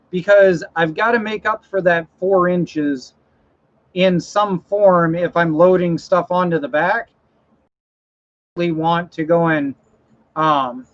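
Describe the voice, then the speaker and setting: A man hosting a casual livestream, rambling about trucks and mowers and reading out viewer comments. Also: high-pitched. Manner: rambling, reads viewer comments, self-correcting. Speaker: livestream host. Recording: dull lo-fi stream audio.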